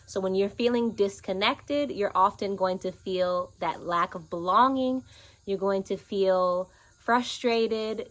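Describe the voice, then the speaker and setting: A woman coaching on inner child healing, talking to camera outdoors in an earnest, animated way with lively quoted asides. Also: medium pitch. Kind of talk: casual teaching monologue. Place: outdoors in nature with birds and bugs.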